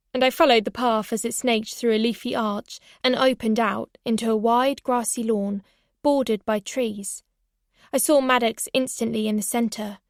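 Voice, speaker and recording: Woman, audiobook narrator, slightly high voice, close dry studio sound, even reflective read. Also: no room sound. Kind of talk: first-person audiobook narration.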